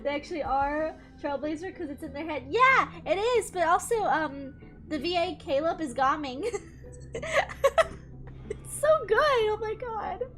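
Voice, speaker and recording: A woman's voice: very high voice, lively intonation, a little slow, sharp tone. A young woman streamer chatting casually while playing a game, giggly and gushing. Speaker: gaming streamer. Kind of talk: casual let's-play chat. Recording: commentary over game music.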